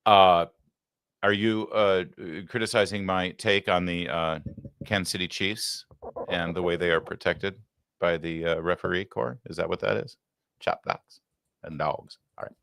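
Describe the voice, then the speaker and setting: A man's voice: deep voice, steady tone, normal speed, vocal fry, fairly bright tone, smooth, no echo, clean studio sound. A man hosting a live show, chatting casually and joking with plenty of filler "uh"s. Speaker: show host.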